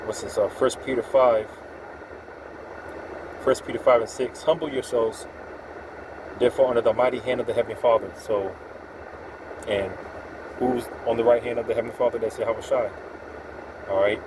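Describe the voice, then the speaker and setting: A man's voice: mid-range voice, steady tone, normal speed, long pauses, noisy background. A man giving an informal, profane, streetwise religious talk, quoting scripture with emphatic asides. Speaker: preacher.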